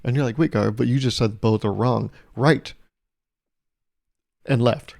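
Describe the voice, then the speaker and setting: A man's voice: mid-range voice, measured pace, vocal fry, a little mellow, dry recording, clean studio sound. A young man hosting his own podcast, rambling through a sarcastic, jokey monologue and laughing at his own jokes. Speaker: podcast host. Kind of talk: solo comedic podcast monologue.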